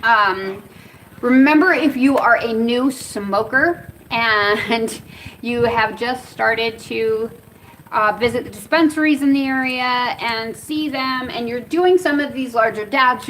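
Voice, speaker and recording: A woman's voice: fairly high pitch, a bit bright, far from the mic, slight background noise, poor audio. An American woman talking casually in a rambling way as she reviews cannabis products outdoors. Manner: chatty, rambling, easily startled. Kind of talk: casual vlog talk. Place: outdoors in Arizona.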